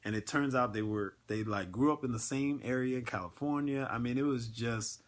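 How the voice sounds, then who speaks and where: A man's voice: mid-range voice, brisk. A man hosting a casual livestream, talking in an earnest, emotional way with many filler words and ums. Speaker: network marketing livestream host.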